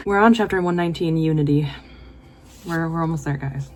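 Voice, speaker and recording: A woman with a somewhat low voice reads a novel aloud for her vlog. She breaks off into gushing, emotional reactions between passages. The tone stays casual and personal. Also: fairly quick. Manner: emotional, gushing reactions with laughs and whispered asides. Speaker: book vlogger.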